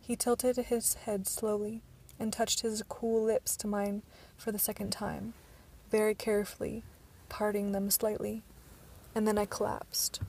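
Amateur woman audiobook narrator, gravelly and flat, some stumbles and restarts. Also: medium pitch, moderate pace.

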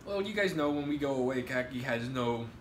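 A man's voice: mid-range voice, lively intonation, a little fast, roomy sound, slight background noise. A man hosting a pizza review livestream, joking and swearing as he chats casually at a table indoors. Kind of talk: casual on-stream banter.

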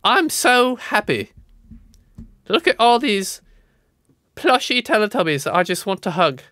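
A giddy little boy squeals in a high, breathless gush, put on by a man. The voice sits far above a grown man's speech and bounces with delight. It is close and dry. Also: big pitch swings, a little slow, bright, forceful tone, dry recording, heavily acted. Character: overjoyed little boy hugging plush toys.

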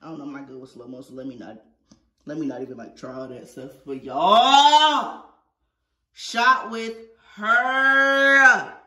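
A woman chatting casually to camera in a beauty vlog, animated and talky, calling her viewers y'all. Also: rumbling low, moderate pace. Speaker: beauty vlogger. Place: bathroom at home. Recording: echoey bathroom.

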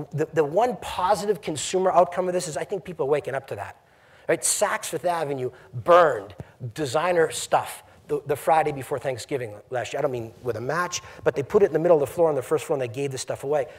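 Speaking a little fast with a breathy edge, this middle-aged CEO has a voice on the high side. He's in a lecture hall giving college students an emphatic, conversational address, and he often asks the room questions.

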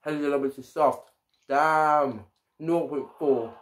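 A man's voice: a little high, steady tone, unhurried, faint music behind. A man giving casual let's-play commentary as a gaming YouTuber, often stumbling and repeating his words.

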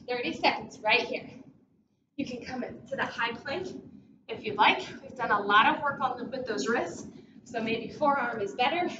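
A woman leading a guided workout as a fitness instructor, cheering people on with upbeat cues and countdowns, a bit out of breath. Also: fairly high pitch. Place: large echoey gym. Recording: echoey, distant, dull, noisy.

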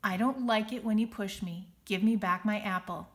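A woman's voice: medium pitch, a little mellow, lightly acted. A woman voicing a soothing butterfly teacher. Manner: slow, firm and soothing. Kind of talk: storybook read-aloud.

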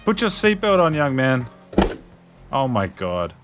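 A man's voice: medium pitch, very animated, a little slow, over music. A man with an Australian accent role-playing a police officer in a game, cracking dry, teasing jokes. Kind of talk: game role-play banter.

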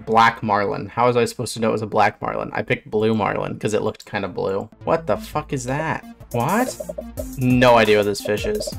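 A man's voice: fairly low pitch, normal speed, creaky, fairly bright tone, soft background music. A man, a fish biologist streamer, giving casual reaction commentary, blunt and swearing, bursting into surprised questions.

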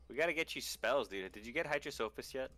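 Fast-talking teasing male streamer. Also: medium pitch, animated, bright, forceful tone, no room sound. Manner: fast, teasing, swears freely. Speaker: streamer playing a game with a guest. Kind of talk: casual gaming chat.

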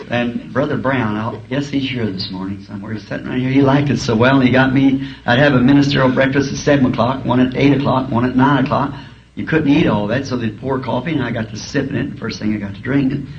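A man's voice: medium pitch, steady tone, a little fast. A man preaching a sermon in a school auditorium, telling folksy, humorous stories. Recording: dull archival tape, faint hiss.

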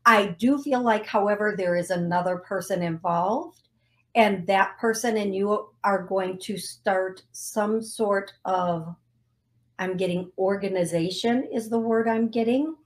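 A middle-aged woman hosting a psychic call-in show, giving readings and leading a guided healing in an emotional, affirming way. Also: medium pitch. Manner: slow, emotional, affirming, repetitive phrasing. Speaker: psychic medium radio host.

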